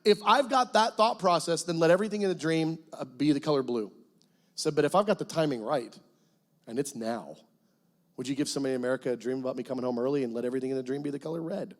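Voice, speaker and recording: A middle-aged guest pastor telling a personal testimony in a church, animated storytelling that breaks into loud cries as he acts out prayers. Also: fairly high pitch, fast. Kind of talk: sermon testimony. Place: church sanctuary.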